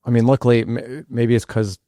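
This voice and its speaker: A man in his forties hosting a podcast, telling a story in a casual, animated way, acting out what people said with many restarts. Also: mid-range voice, fairly quick, no echo, studio quality. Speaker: podcast host.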